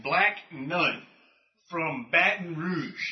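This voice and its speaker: A man's voice: a little high, animated, extremely slow. A man in casual chat, telling a profane story about a rude customer and laughing as he goes. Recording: roomy and distant, dull sound.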